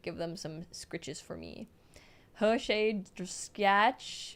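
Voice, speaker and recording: A woman streamer reading viewer messages aloud on a live stream, reacting with excitable, gushing praise and casual swearing. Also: medium pitch, slow pace.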